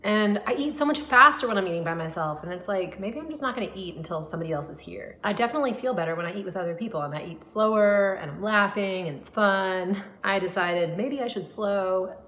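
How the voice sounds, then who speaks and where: A woman's voice: medium pitch, lively intonation, fairly quick, hardly any pauses, bright, forceful tone. A woman gut health coach talking to camera in a casual, earnest, reflective way, with frequent fillers and restarts.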